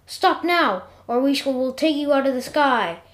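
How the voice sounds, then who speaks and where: A woman voicing a stern pursuer shouting orders from a helicopter in a homemade audio story. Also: high-pitched, expressive, moderate pace, pitched above the performer's own voice. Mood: commanding. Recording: roomy echo.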